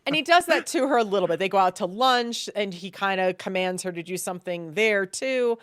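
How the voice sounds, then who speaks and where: A woman co-hosting a casual chat, recapping a TV series in an animated, chatty way. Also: medium pitch, fairly quick, no echo, clean studio sound. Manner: chatty and animated, breaks into loud exasperated quoted outbursts. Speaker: podcast co-host.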